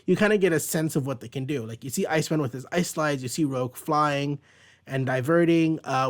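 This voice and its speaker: A man hosting a casual page-by-page comic book recap, rambling with fillers and restarts. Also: on the high side. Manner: rambling, lots of likes and restarts. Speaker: comic book reviewer host.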